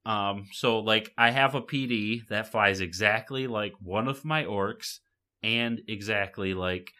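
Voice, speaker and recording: A man's voice: lowish voice, measured pace, sharp tone. Rambling young man on a podcast. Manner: rambling, self-correcting, laughs at himself. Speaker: podcast co-host. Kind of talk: casual chat.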